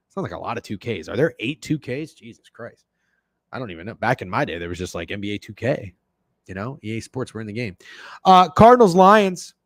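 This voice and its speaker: A man's voice: mid-range voice, no room sound. A man hosting a sports betting show, ranting in casual, profane chat and answering messages from viewers. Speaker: sports betting podcast host.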